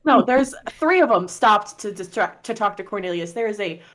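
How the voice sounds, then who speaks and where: A woman's voice: mid-range voice, animated, moderate pace, fairly bright tone. A woman narrating a tabletop game as game master, casual, laughing and swearing.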